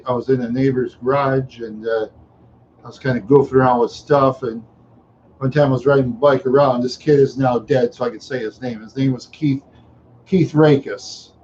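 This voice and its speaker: A rambling middle-aged man from Minneapolis tells stories on a live stream, chuckling and adding sound effects. His mid-range voice has a darkish tone. The lo-fi recording sounds dull, with a little hiss or hum.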